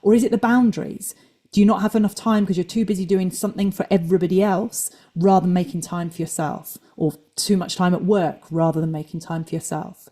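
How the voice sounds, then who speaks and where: A woman's voice: fairly low pitch, fairly even intonation, fairly quick, mellow. A woman fitness coach giving a live online talk, chatty and acting out anxious inner thoughts.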